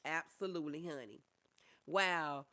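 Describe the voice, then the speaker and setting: A woman's voice: sits low, a little slow. Middle-aged woman livestreaming, chatting with viewers. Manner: reads viewer comments aloud and answers them warmly; calls listeners honey and y'all. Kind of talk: casual livestream chat.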